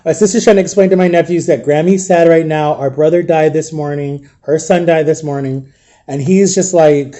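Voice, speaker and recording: A man recounting a painful story in an emotional storytime vlog, subdued and grieving, halting and repeating himself. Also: fairly high pitch, dark tone. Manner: halting, repetitive retelling. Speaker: vlogger.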